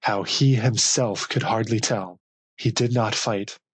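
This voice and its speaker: A man reads an audiobook of legends in slow, measured phrases. His voice is lowish and husky, recorded dry and close. The pace is unhurried and deliberate throughout. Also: no echo, low-quality recording. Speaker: audiobook narrator. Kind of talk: scripted storybook narration.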